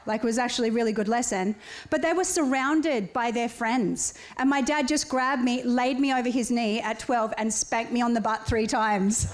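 A woman's voice: fairly high pitch, moderate pace. A woman from Australia, telling stories in casual chat and often laughing as she talks. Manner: animated storyteller, laughs often, acts out voices.

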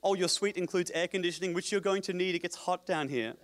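A man's voice: high-pitched, fast talker, slight background noise, voice pushed up, natural voice. A man voicing a fawning male devil with a put-on English accent, greeting a wealthy newcomer like a hotel host. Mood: mock welcoming. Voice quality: fawning, mock-polite hotel host manner. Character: smarmy male devil greeting a rich arrival.

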